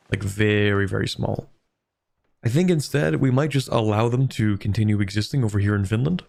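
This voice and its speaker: A man's voice: medium pitch, vocal fry. A man streaming a strategy game, chatting casually, thinking aloud and answering viewers' questions. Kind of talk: casual gameplay commentary.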